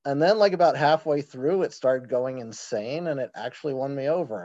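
A man chatting casually as a podcast guest, wry and talkative with quick asides. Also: mid-range voice, a little mellow, dry recording. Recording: slightly dull lo-fi mic.

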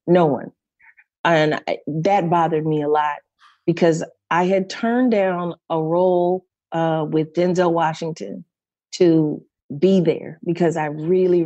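A middle-aged woman speaks as an interview guest, her voice mellow and a little low. She tells her story with feeling, often circling back, repeating and restarting her phrases. The sound is dry and close. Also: no echo, lo-fi sound. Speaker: guest performer.

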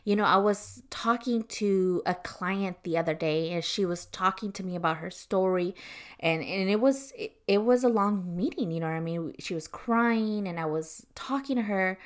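A woman hosting a Christian podcast, speaking earnestly and encouragingly in a conversational way, with many casual fillers. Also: medium pitch. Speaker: podcast host. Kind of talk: faith-based podcast devotional talk.

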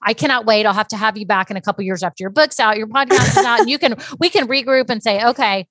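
A woman's voice: fairly high pitch, lively intonation, quick pace, fairly bright tone, no room sound, clean studio sound. A woman hosting a podcast and coaching business owners, talking in an effusive, gushing way. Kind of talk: casual interview chat.

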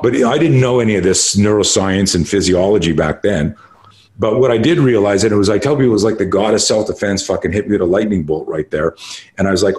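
Older canadian guy, kinda low voice, cursing and hammering his points on a podcast. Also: a little mellow. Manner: profane, emphatic storyteller. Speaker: martial arts instructor, podcast guest. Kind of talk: conversational interview storytelling.

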